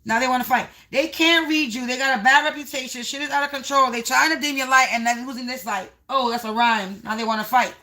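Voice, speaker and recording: A woman's voice: sits high, steady tone, fast talker, few pauses, bright, forceful tone. A woman giving a livestream tarot reading, speaking in repetitive, half-rhyming phrases and addressing viewers as the collective. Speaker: tarot card reader.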